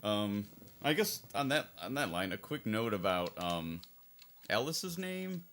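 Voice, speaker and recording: Over faint hiss or hum, a man with a somewhat low, sing-song voice talks a little slowly through a game he fan-translated. The tone is a bit bright, and his casual let's-play commentary rambles and loops back on itself.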